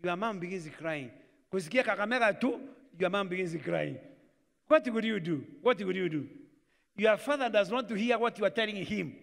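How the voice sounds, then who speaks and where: High-voiced Kenyan man preaching, code-switches into Swahili and plays out family scenes, reverberant church live stream. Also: lively intonation, normal speed, creaky, a bit bright. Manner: mixes Swahili into English, acts out family dialogues. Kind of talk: sermon. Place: church hall.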